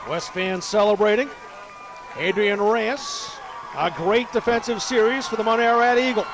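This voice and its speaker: High-voiced man calling football play-by-play. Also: normal speed. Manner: excitable, rising to shouts on big plays. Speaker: play-by-play commentator. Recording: loud crowd and field noise.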